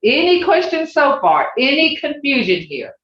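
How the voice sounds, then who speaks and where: Over an echoey, dull video call, a language teacher runs an online class, patiently repeating example phrases again and again. Her voice, or his, is high-pitched and very animated, moving at a moderate pace.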